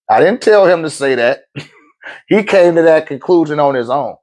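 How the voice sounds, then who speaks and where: A man's voice: on the high side, animated, moderate pace, a little mellow. A middle-aged man, giving blunt, profane life advice in a casual monologue and laughing often.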